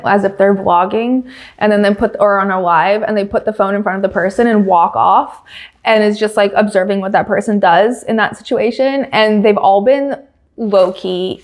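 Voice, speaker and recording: A woman hosting a podcast in a casual chat, talking in a chatty way with quick asides and frequent laughter. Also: mid-range voice. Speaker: podcast host.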